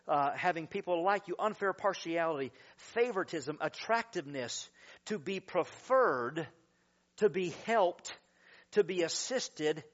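A man preaching a sermon as pastor, animated, sometimes shouting praise and laughing. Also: a little high, dull audio.

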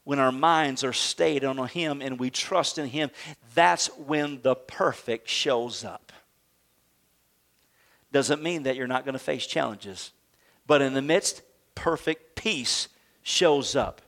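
A middle-aged man preaching a sermon as pastor, emphatic, swelling to near shouts and then dropping soft and slow. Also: mid-range voice.

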